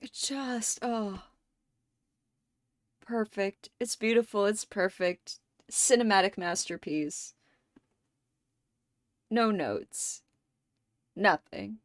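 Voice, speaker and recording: Slow-talking woman streamer, dry close mic. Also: mid-range voice, no echo. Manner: rambling, excitable, swears a lot. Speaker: livestream host. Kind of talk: casual stream chat. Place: home streaming setup.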